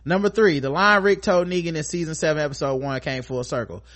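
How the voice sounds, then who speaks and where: A man's voice: a little high, fast talker, a bit bright. A man hosting a casual podcast, reading listener emails aloud with profane, joking asides. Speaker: podcast host.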